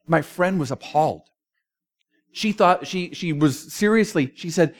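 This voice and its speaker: A man preaching a sermon, telling a story with emphasis and dropping to a quiet voice at times. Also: a little high, measured pace.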